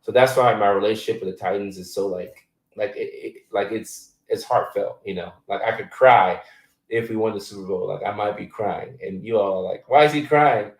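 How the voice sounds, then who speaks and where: Low-voiced man chatting casually, roomy sound. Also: fairly even intonation, moderate pace, far from the mic. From Ghana. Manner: loose and conversational, many fillers. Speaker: host answering viewer questions. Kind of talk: casual livestream chat.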